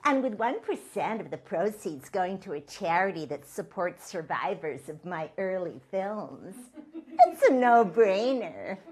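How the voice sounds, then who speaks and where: A comedian voicing a self-absorbed female celebrity wellness guru who was once an actress, speaking in airy, deadpan one-liners. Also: medium pitch, measured pace, husky. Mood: smug. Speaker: talk show guest. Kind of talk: stand-up character comedy.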